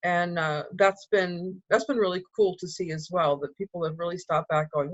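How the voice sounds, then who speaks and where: A woman's voice: lowish voice, steady tone, moderate pace, dry recording, muffled recording. Reassuring woman explaining spiritual growth. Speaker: spiritual co-host. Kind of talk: casual spiritual chat.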